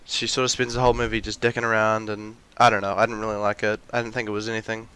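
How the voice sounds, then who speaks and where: A man's voice: fairly low pitch, flat delivery, fast, pushed and bright, clear, resonant tone. A young man in a ranty, rambling monologue, full of restarts and fillers, with mocking acted-out quotes of characters. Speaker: video essayist.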